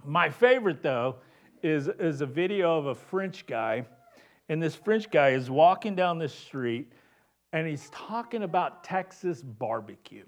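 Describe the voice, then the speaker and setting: Slow-talking conversational male preacher. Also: on the high side, expressive. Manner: conversational, repeats words while building a point. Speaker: pastor. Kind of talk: sermon.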